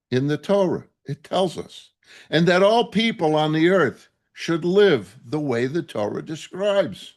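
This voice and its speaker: A man giving a rabbi's sermon, his voice slightly high and his delivery slow and deliberate. He speaks with passion and indignation, hammering his points home with repetition. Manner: impassioned, indignant, emphatic.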